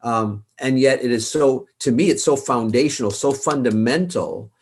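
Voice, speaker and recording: Husky guy talking worship leading, earnest, leans hard on words, repeats stuff for emphasis. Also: mid-range voice, normal speed, a little mellow. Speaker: guest, author and worship leader. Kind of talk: conversational advice interview.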